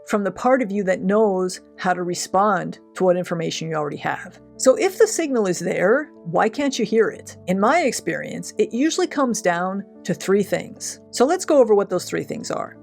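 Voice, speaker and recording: Gentle, measured woman self-help host. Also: mid-range voice, lively intonation, creaky, soft background music. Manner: gentle, measured, speaks straight to the listener. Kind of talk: calm reflective self-help talk.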